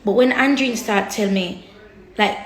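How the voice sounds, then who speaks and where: A medium-pitched woman talks to the camera unhurriedly, sharing personal things with her viewers in a blunt, emotional way. She swears liberally and often repeats herself while searching for words, and the room around her is echoey.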